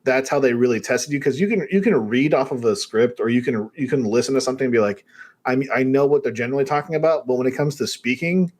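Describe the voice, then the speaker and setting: Animated young man telling stories. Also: medium pitch, quick pace. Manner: animated storyteller, swears casually. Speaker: podcast co-host. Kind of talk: casual chat.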